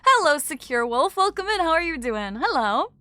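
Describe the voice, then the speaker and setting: Bright-voiced chatty woman streamer. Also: high-pitched, sing-song, moderate pace, no room sound, clean studio sound. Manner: chatty, filler-heavy, trailing off with "I don't know". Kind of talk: casual chat reading viewer messages. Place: in bed at home.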